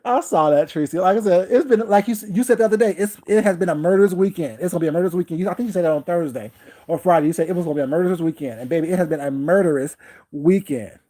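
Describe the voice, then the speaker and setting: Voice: medium pitch, racing, warm tone. A livestream host delivering a heated, confrontational rant, repeating points and breaking off to greet viewers by name.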